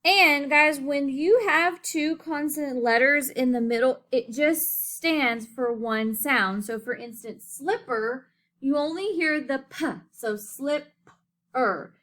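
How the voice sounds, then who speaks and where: A woman teacher leads young children through a phonics lesson. Her voice sits a little high, and she speaks very slowly, drawing words out syllable by syllable. She keeps checking in with a gentle "okay?" between points. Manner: slow, clear, drawn-out enunciation with frequent "okay?" checks.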